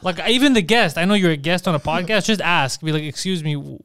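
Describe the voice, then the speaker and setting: Fast-talking, crisp-voiced joking man. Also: sits high, a bit bright. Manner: joking, teasing, quick comebacks. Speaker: podcast host. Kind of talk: casual comedic chat.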